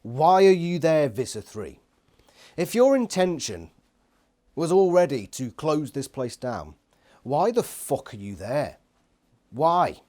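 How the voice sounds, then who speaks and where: A man's voice: fairly high pitch, big pitch swings, takes it slowly, long pauses, darkish tone. A man giving an exasperated, sweary, sarcastic book review rant. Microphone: phone nearby.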